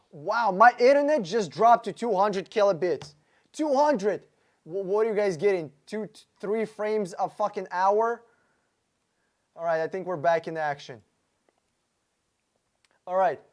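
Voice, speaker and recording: A man's voice: high voice, expressive, unhurried, long pauses, darkish tone. Blunt, profane man hosting a live stream. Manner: talks to viewers by name, with frequent fillers and restarts. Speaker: livestream host answering chat questions about cars.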